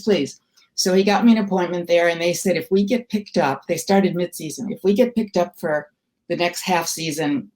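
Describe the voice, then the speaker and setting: Older woman guest, lowish voice, dry self-mocking storyteller. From Milwaukee, USA. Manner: wry, self-deprecating, anecdotal. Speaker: guest, comedy writer. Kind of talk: casual interview, storytelling.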